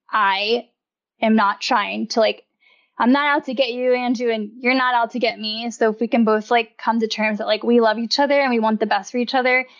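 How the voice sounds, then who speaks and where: Chatting casually as a guest on a podcast, a woman with a slightly high voice laughs often and uses "like" constantly as she talks freely. The audio sounds dull.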